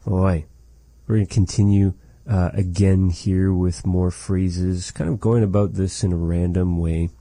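A male language teacher gives a slow, patient lesson, repeating each phrase unhurriedly and then explaining it carefully. His voice is low and very dark, with fairly even intonation. The recording is dry and close, with no echo.

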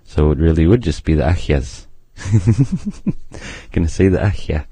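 A man's voice: low voice, expressive, unhurried, warm tone, slightly rough, no echo. A man teaching a language's alphabet on radio, drawing out each sound as he pronounces it. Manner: drags out sounds when pronouncing them.

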